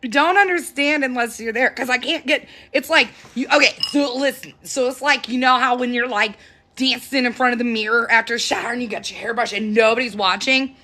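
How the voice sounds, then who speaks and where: A chatty woman hosts a casual live stream from her phone at home. Her voice has a bright, forward tone, and she laughs often between stories. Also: on the high side, a little fast, a little hiss or hum. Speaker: TikTok live host. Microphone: phone camera.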